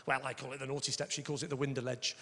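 A man doing stand-up comedy, chatting with the crowd in a cheeky, animated way. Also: medium pitch, rapid-fire. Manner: cheeky, animated, shouts punchlines and mimics voices. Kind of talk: stand-up routine with crowd work. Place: large comedy venue on stage. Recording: echoey live venue, audience noise.

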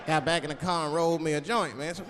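A man's voice: a little high, fast. A man doing a stand-up routine, telling a story with energy and acting out voices. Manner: animated storytelling, acts out voices. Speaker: stand-up comedian. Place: large venue with live audience. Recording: live hall reverb, crowd noise.

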